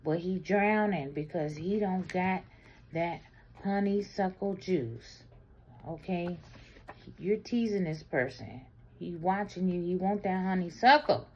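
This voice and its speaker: A woman giving a casual tarot reading, talking bluntly and explicitly, swinging between loud bursts and low murmurs. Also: slow pace, slight background noise. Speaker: tarot reader.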